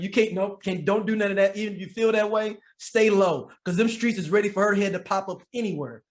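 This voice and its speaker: A man's voice: high voice, fairly quick, few pauses. A man co-hosting a casual chat podcast, laid-back and joking, with lots of fillers and repeated words. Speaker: podcast co-host.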